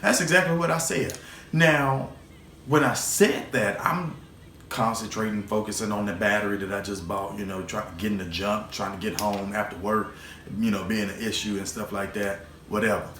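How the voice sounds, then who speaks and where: Faint background noise and roomy echo surround a vlog host recounting a personal story, emotional and rambling, with repeated words and occasional swearing. He speaks at a moderate pace in a low-leaning, steady voice with a sharp tone.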